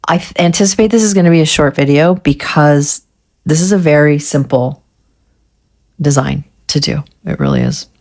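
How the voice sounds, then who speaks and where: Low gravelly-voiced woman doing nails. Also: very animated, moderate pace, darkish tone. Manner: frustrated, swears often, talks to herself. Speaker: nail art vlogger. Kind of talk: casual tutorial chat.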